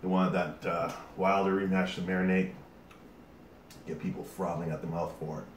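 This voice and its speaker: A deep-voiced man rambles chattily to his viewers, sweating from a hot pepper and leaning on fillers as he talks. He sits back from the mic in an echoey room, and a faint hiss runs under his voice. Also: little pitch movement, moderate pace, recorded from a distance. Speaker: YouTube host. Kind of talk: casual vlog talk to camera.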